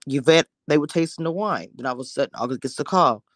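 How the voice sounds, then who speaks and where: A woman's voice: low-pitched, fast, dry recording, studio quality. A woman recapping a TV episode in a casual, chatty way, sometimes dropping to a whisper for emphasis. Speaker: TV show reviewer.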